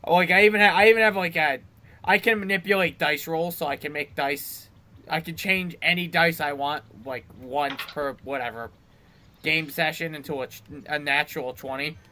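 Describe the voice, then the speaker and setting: A man's voice: on the high side, moderate pace, pushed and bright, slight background noise. Teasing young man commentating a game. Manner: teasing, laughs often. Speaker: let's play host. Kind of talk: casual gameplay commentary.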